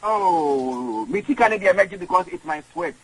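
A man, rambling in halting speech with many repeated words as an interview guest on radio. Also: high voice, big pitch swings, husky, no echo, rough recording. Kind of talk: casual interview.

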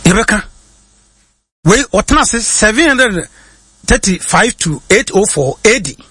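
Husky-voiced Ghanaian preacher, dry close sound. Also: male voice, sits high, big pitch swings, pushed and bright, no room sound. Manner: reads quotes slowly, then explains them in bursts with many hesitations. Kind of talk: sermon-style teaching, mixing English and Twi.

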